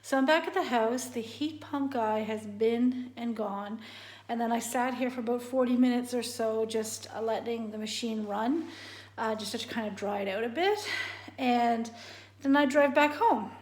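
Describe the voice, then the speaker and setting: Woman, casual vlog chat, rambling, laughs a lot, fairly high voice. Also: normal speed, roomy sound. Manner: chatty, rambling, laughs often. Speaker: vlogger. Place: home kitchen.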